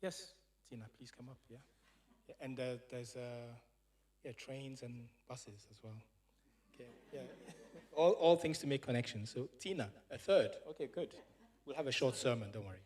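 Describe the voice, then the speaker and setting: A man leading a church service who introduces speakers and readers. He talks in a loose, relaxed way, with lots of fillers. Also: mid-range voice, moderate pace. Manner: relaxed, full of fillers and yeahs. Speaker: service leader. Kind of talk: casual church hosting.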